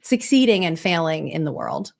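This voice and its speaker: A woman professor and author, a guest in a live interview, talking in an animated, explanatory way. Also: deep voice, moderate pace, gravelly. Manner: animated, many fillers and restarts, explanatory.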